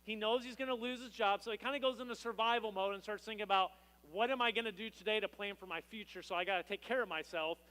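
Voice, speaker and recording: A male pastor preaching a sermon in a high, bright voice, relaxed and conversational. He tells a story with quick asides. The sound carries a long reverb from a church hall. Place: church sanctuary.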